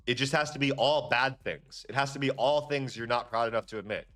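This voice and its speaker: A young man hosting a live trading stream, chatting casually and ranting in a slangy, profane, animated way. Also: fast, hardly any pauses, faint music behind. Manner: animated, slangy and profane, with lively jumps in pitch. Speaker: livestream trading host. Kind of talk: casual livestream chat and rant.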